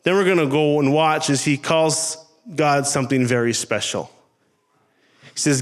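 A man's voice: on the high side, normal speed. A man preaching as pastor to a church congregation, earnest and pleading, with repeated phrases. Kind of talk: sermon. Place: church service before a congregation.

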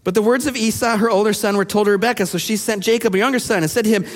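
Male preacher, high voice, lively scripture sermon, long hall reverb. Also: racing. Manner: animated, acts out quoted voices. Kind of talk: sermon reading and explaining scripture.

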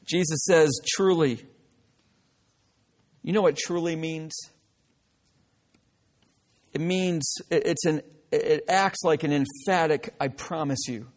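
A man's voice: on the high side, steady tone, slow, pauses often. A male pastor preaching a sermon, emphatic and direct, often breaking in with "listen" and joking asides.

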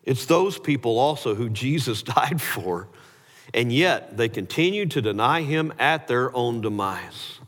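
A man preaching a sermon, animated, his voice rising sharply when he voices quoted words. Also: medium pitch, a little slow. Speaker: pastor. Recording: hall reverb.

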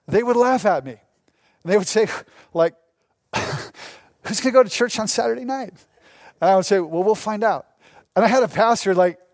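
Animated high-voiced male pastor, dry sound. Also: no room sound. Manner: animated, acts out quoted dialogue. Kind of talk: sermon.

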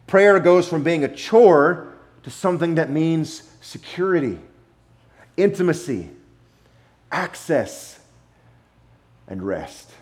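A man preaching a sermon, emphatic, with dramatic pauses and repetition, sometimes playful. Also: fairly high pitch, animated. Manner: playful, acts out wrong versions for effect. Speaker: pastor.

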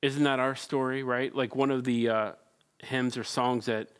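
A man's voice: level tone, a little slow, clean tone. A man preaching a conversational sermon, acting out the quoted voices in the scripture he reads. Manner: conversational preaching, acts out quoted lines with rising pitch. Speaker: pastor.

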